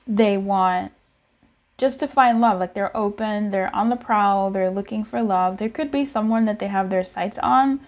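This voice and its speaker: A woman's voice: mid-range voice, unhurried. A woman giving a casual tarot reading in a chatty, giggly, playful way. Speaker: tarot reader.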